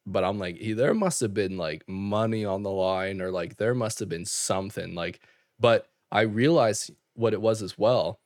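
A young man from Canada telling an animated story on a casual podcast, full of fillers and quick asides. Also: lowish voice, no room sound, studio quality. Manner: animated storyteller, fast filler-heavy talk with laughs. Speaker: podcast co-host. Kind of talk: casual chat.

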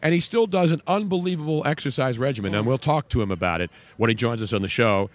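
A man's voice: mid-range voice, fast. A man hosting a casual radio talk show, joking and rambling.

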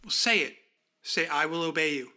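A man's voice: on the high side, normal speed, sharp tone. A man voicing a bossy, self-important male agent boss who talks down to his assistant in a pompous, condescending way. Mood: domineering.

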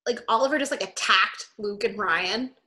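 A woman co-hosting a podcast in casual chat, animated and quick to swear. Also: mid-range voice. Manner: animated, swears freely, acts out characters' lines. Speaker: podcast co-host.

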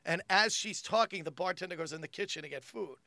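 A middle-aged man telling a story in casual chat, animated and laughing along. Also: high voice, fast, gravelly, no room sound. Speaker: comedian.

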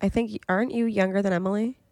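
A woman's voice: mid-range voice, steady tone, rapid-fire, darkish tone, no echo. A young woman co-hosting a podcast, chatting casually about a reality show and quoting the cast in playful voices. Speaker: podcast co-host. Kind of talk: casual reality TV recap chat.

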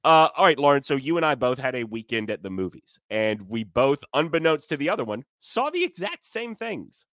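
A man's voice: medium pitch, big pitch swings, fairly quick, a bit bright, no room sound. A man in casual podcast chat, dry sound. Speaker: podcast co-host.

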